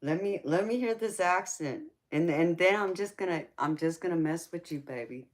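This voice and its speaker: A woman's voice: on the low side, normal speed. A woman with a Southern US accent, a tarot reader hosting a casual livestream chat, teasing viewers and calling them baby.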